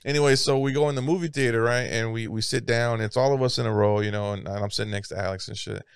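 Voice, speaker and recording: A young man in casual podcast chat, telling a story with lots of swearing and loud voices for his friends. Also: mid-range voice, fast talker, vocal fry, clear, resonant tone, no echo, studio quality. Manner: animated storyteller, swears a lot, yelps mimicking friends.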